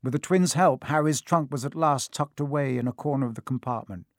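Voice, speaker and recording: A man reading a novel aloud as an audiobook narrator, in a measured storytelling manner. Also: mid-range voice, no echo, studio quality. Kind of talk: scripted narration.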